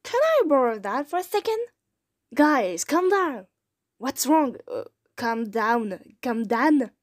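French woman, high and animated, reads fan audition lines slowly with giggly retakes. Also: no echo, clean studio sound. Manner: retakes lines, breaks into giggles between takes.

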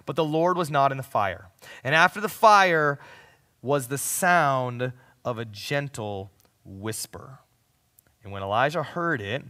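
A youth pastor preaching in a bright, cutting voice pitched a little high. He talks casually to the students, dropping to a hush at times, and his words trail off into a long reverb in a large church auditorium. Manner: casual and conversational, swinging from loud to hushed. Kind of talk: sermon.

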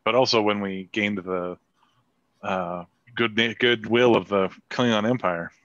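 A man's voice: lowish voice, fairly even intonation, unhurried, a bit bright, no echo. A man playing a tabletop game, often stumbling and repeating words, on a dull lo-fi recording. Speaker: player. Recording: dull lo-fi audio.

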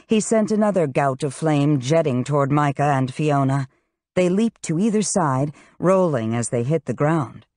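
A woman reading a fantasy novel aloud in steady, scripted narration. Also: deep voice, moderate pace, dry recording, studio quality. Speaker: audiobook narrator.

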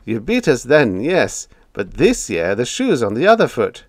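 A man's voice: medium pitch, wildly swooping pitch, a little slow, no echo, studio quality, pitched above the performer's own voice, exaggerated voice. A man voicing a young ship lieutenant who teases and taunts with a grin. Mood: taunting. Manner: teasing.

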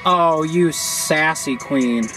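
A young man reacting to a music video from his car, gushing and sassy, with loud outbursts and laughter. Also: a little high, drawn-out words. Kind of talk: excited reaction commentary. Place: in a parked car outdoors.

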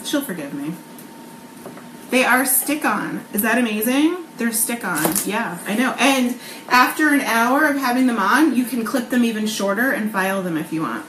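Chatty mom-vlogger lady, kinda high voice, cooking live in an echoey kitchen w noise behind. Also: expressive, normal speed, fairly bright tone. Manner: chatty, bubbly, laughs often, lots of um and like. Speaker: cooking vlog host. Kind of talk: casual live cooking chat. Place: home kitchen.

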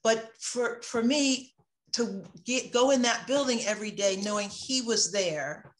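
A woman in her sixties, an author speaking in an interview, impassioned and reflective, moving between emphatic and hushed moments. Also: a little high, measured pace. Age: 60s. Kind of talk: interview conversation.

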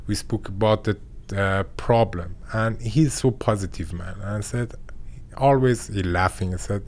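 A young man with a Persian accent, a boxer and a guest in a studio interview, speaking halting English and searching for words. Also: on the low side, darkish tone. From Iran. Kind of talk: interview conversation. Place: podcast studio.

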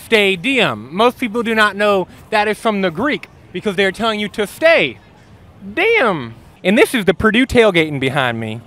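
High-voiced goofy man playing a reporter. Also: normal speed. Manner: goofy, deadpan punchlines. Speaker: comedic mock sports reporter. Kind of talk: joking street interviews. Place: outdoors at a stadium tailgate.

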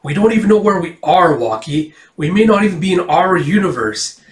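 A man's voice: high-pitched, expressive, fairly quick, pitched above the performer's own voice. A man voicing a big, friendly barbarian who talks in an easygoing, teasing way. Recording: roomy echo, distant from the mic.

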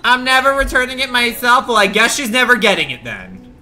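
A man streaming a horror game, muttering crude, sarcastic commentary in a deadpan way. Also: very high voice, fairly quick. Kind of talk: casual let's-play commentary.

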